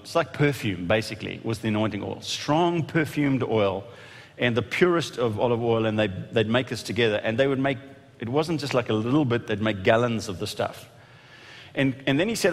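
A male pastor preaching a sermon, animated, often acting out quoted voices with restarts. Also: medium pitch, big-room sound.

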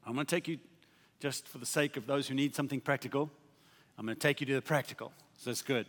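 A man preaching a sermon with passion, swinging from soft, quiet asides to loud, ringing declarations. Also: mid-range voice, fast talker. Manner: impassioned, rising to exclamations then dropping to soft asides. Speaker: pastor. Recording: long reverb of a large hall.

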